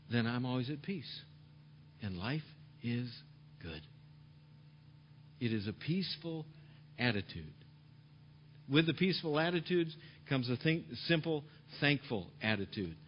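A male pastor preaches emphatically, repeating key phrases and dropping into soft tones. His voice is a little high, and the dull lo-fi recording carries a bit of hiss or hum.

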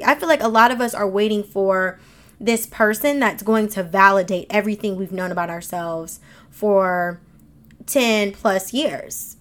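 A woman's voice: mid-range voice, a little slow, a bit bright. A woman hosting a motivational podcast, speaking emphatically in African American Vernacular English with casual slang. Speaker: podcast host. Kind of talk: motivational monologue.

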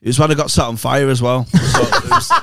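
A man's voice: mid-range voice, expressive, quick pace, background noise. A man telling a wild story in casual chat, laughing as he goes and swearing freely. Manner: laughs through his stories, swears freely. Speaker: podcast guest. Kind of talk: casual anecdote.

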